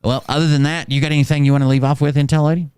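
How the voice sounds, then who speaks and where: A man from the American South hosting a casual interview, laid-back and quick to laugh, with short agreeing replies. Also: a little high, little pitch movement, darkish tone, clean tone, dry recording, studio quality. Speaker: podcast host.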